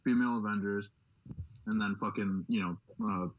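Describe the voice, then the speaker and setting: A young man co-hosting a podcast in casual chat, swearing constantly and rambling excitedly. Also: fairly low pitch, moderate pace, long pauses, muffled recording. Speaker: podcast host.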